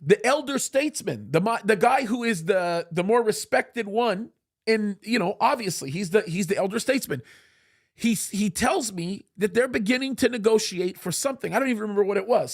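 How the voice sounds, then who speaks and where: A male show host telling a story in a casual studio chat, animated and acting out what people said. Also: sits high, breathy edge. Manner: animated, acts out quoted speech.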